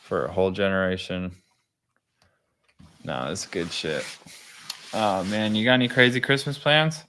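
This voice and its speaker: A man's voice: sits low, unhurried, pauses often, bright, forceful tone, a little hiss or hum. A young man, chatting casually on a podcast, laid-back, laughing often and swearing freely. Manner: laid-back, laughing, swears a lot, says "bro" and "dude". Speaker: podcast host. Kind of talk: casual chat.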